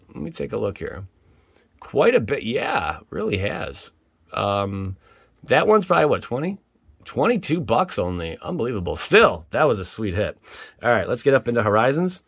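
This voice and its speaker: A man hosting his own channel, giving casual, excitable commentary while opening card packs and exclaiming at each pull. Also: mid-range voice, no echo. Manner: peppers speech with mild swears.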